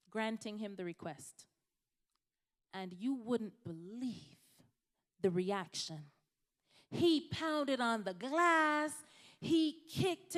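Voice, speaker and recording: A Jamaican woman physician gives a conversational health talk to a church congregation, speaking directly to the audience. Her voice is fairly high-pitched, and the sound carries the echo of a big room.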